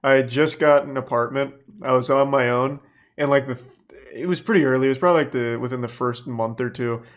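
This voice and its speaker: A man in his thirties hosting a casual reaction commentary, telling stories in a profane, animated way. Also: mid-range voice, fairly quick. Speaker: host reacting to videos.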